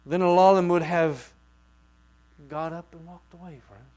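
A man preaching a sermon, swinging from quiet asides to loud outbursts and acting out the voices he quotes. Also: high voice, steady tone, moderate pace.

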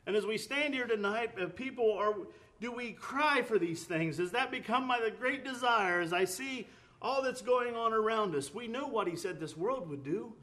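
A man's voice: high-pitched, animated, normal speed, sharp tone. A man preaching a sermon, earnest, with rising emphatic bursts, often repeating words and restarting phrases.

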